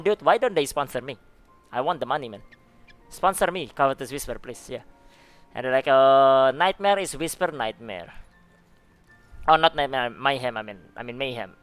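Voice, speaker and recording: A man's voice: mid-range voice, animated, normal speed, a bit bright, no room sound. A man giving laid-back, chatty commentary on a live stream, often laughing and tossing in "man" and "dude.". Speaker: streamer reacting to game forum posts. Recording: faint music behind the voice.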